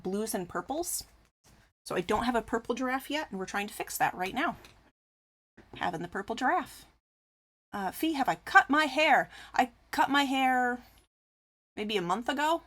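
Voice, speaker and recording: Hosting a live crochet stream, a woman reads out chat messages and answers them in a chatty way, frequently laughing. Her voice sits on the high side, fairly bright, with lively intonation and a moderate pace.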